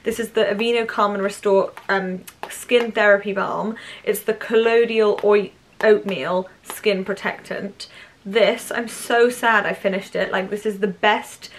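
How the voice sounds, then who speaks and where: A woman's voice: mid-range voice, steady tone, a little slow, rough recording. A woman chatting through a shopping haul, gushing and full of "like" fillers. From United Kingdom. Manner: chatty and gushing, heavy use of "like". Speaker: beauty vlogger. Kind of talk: casual haul chat.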